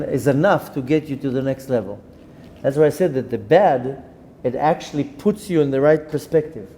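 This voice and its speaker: A man, a rabbi giving a Torah lesson, telling a story with animated delivery, dropping in Hebrew terms and restarting his sentences. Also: on the high side, slight background noise. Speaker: rabbi teaching a Torah class.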